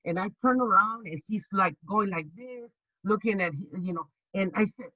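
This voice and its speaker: An older woman, a labor organizer, telling her stories in an interview with lively energy, stumbling and restarting often and acting out the voices she quotes. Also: medium pitch, no echo, muffled recording. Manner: animated, halting with many restarts, acts out quoted voices. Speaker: labor organizer and activist guest. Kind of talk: storytelling interview.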